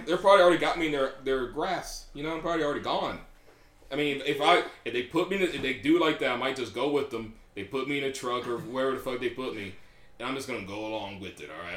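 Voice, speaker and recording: A man's voice: medium pitch, a bit bright. A young man co-hosting a casual podcast, rambling and profane, laughing often as he talks. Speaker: podcast co-host. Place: small room, bathroom. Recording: roomy echo.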